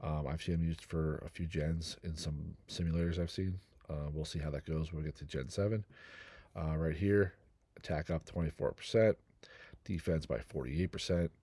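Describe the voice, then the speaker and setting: Low-voiced middle-aged male game-guide host, rambling and self-mocking, dry close recording. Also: steady tone, normal speed, mellow, slightly rough, dry recording. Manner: rambling, jokey, self-deprecating. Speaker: gaming channel host. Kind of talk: casual game guide commentary.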